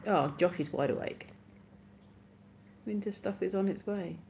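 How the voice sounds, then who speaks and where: A woman's voice: medium pitch, a little slow, a little mellow, a little hiss or hum. A woman hosting a live stream, chatting casually with her viewers, sleepy and yawning, giggly and self-mocking.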